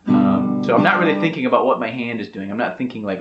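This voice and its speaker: A man's voice: medium pitch, expressive, fast talker. A man giving a casual guitar lesson, explaining step by step in an easygoing way with lots of fillers. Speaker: guitar teacher. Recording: roomy, dull sound with loud guitar.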